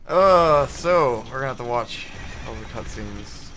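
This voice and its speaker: A young man co-hosting a let's play, relaxed and teasing, laughing often as he chats. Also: mid-range voice, measured pace, a little hiss or hum. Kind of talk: casual gaming commentary.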